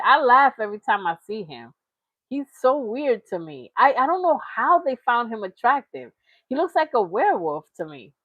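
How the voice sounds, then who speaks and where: A woman hosts a reaction channel, her fairly high voice captured in a dry recording. She chats casually, laughs often, and slips into mocking impressions.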